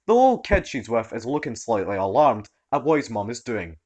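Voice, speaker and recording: Animated male story narrator. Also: mid-range voice, moderate pace, few pauses. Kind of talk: scripted narration of online stories.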